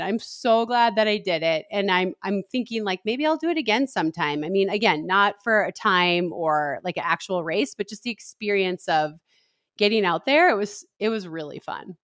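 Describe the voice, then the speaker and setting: A middle-aged woman chats on a podcast, telling her story with animated energy. She jumps up high in pitch when she quotes other people. The sound is close and dry, with no room around it. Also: moderate pace, dry recording. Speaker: podcast co-host. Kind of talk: casual chat.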